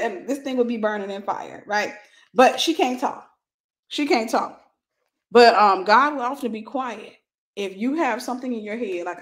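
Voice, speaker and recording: A middle-aged woman giving a lively, conversational sermon, acting out little scenes and laughing as she teaches. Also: mid-range voice, normal speed. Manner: animated, acts out gossip with voices, laughs. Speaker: Christian teacher.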